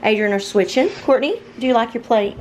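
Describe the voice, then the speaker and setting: A woman whose voice sits a little high speaks slightly fast over a noisy background, cooking supper in her home kitchen. Her casual vlog chat is relaxed and full of "y'all."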